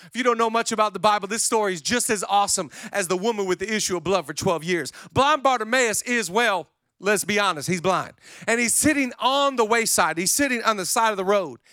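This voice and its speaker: A male pastor preaching a sermon in an energetic, conversational storytelling manner. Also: high-pitched, brisk, dry recording, clean studio sound.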